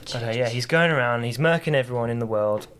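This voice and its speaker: A man's voice: medium pitch, fast talker, fairly bright tone, a little hiss or hum. A man on a podcast casually retelling a story, rambling with lots of fillers and restarts. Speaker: podcast co-host.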